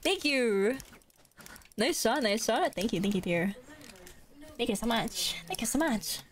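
A woman's voice: a little high, expressive, measured pace. A young woman streamer chatting casually while gaming, giggly and sarcastic, saying "like" a lot. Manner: giggly, sarcastic, heavy use of "like".

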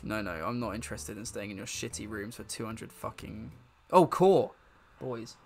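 A man's voice: fairly low pitch, normal speed, creaky, a little mellow, slightly rough, soft background music. A man streaming a first-time video game playthrough, joking and swearing as he goes. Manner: profane and joking, laughs often. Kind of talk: live let's-play commentary.

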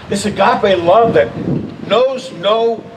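A man's voice: high voice, takes it slowly. An older man preaching a sermon as interim pastor, earnest and building to emphatic appeals. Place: church sanctuary. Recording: distant mic with steady background noise.

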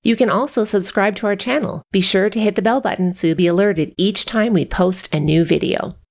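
A woman vlogging casually from inside a parked car, chatting to viewers and cooing at her dog in a high sing-song voice. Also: a little fast, creaky, dry recording, low-quality recording. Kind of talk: casual chat.

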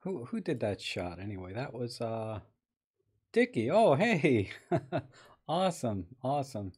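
A man's voice: lowish voice, sing-song, moderate pace, a little mellow, breathy edge. Chatty man editing photos live. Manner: chatty, thinking aloud, greets viewers while working. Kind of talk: casual live-stream commentary.

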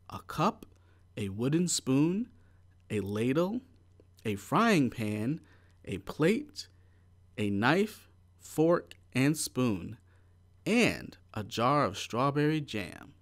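A man reading a children's picture book aloud, taking his time over each phrase. His pitch rises and falls a great deal, and his pace is unhurried and clear. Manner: slow, clear, expressive storytelling. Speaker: storybook reader.

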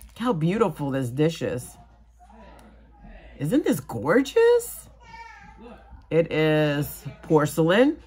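Gushing woman vlogger, slow and low. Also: huge pitch swings, darkish tone, slightly rough, soft background music. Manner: gushing, gasps and squeals when delighted. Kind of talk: casual unboxing chat.

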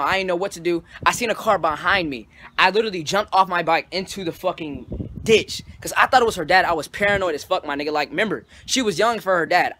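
Young man with a high, bright voice. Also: a little hiss or hum. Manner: animated, profane, slangy retelling. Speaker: storytelling vlogger. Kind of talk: casual storytime.

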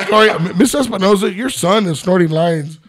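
A man from New Mexico co-hosting a podcast, teasing his friend loudly with constant swearing and laughter. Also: sits high, animated, moderate pace. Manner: loud profane teasing, laughing often. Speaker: podcast co-host. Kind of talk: casual chat.

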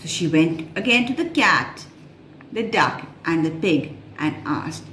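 A woman telling a story to young children in an animated, sing-song way, with gasps and exclamations. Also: low voice, a little slow. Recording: echoey room, faint background noise.

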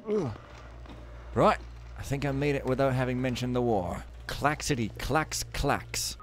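A man rambles through a let's play, cracking self-mocking jokes as he sneaks around. His voice sits at a middle pitch, with faint game music playing underneath. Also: unhurried. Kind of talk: casual gameplay commentary.

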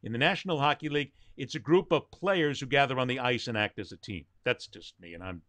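A man's voice: mid-range voice, quick pace, a bit bright, no room sound. A man hosting a sports talk show, emphatic and opinionated as he leads the debate.

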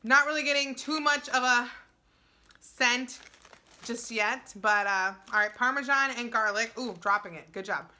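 Vlogger type: young woman, bright and gushing, a little high, snack bags crinkling. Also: measured pace. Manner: gushing, excitable, filler-heavy. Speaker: YouTuber. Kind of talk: casual food-tasting vlog.

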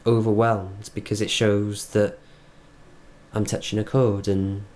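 A Welsh man speaking earnestly in a reflective video diary, halting and restarting as he thinks. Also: lowish voice, level tone, darkish tone. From Wales. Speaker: vlogger.

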